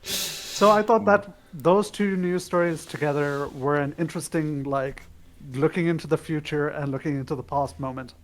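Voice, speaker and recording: Higher-voiced man giving wry news takes. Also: normal speed. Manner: wry, opinionated, relaxed news rundown. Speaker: podcast co-host. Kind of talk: casual news chat.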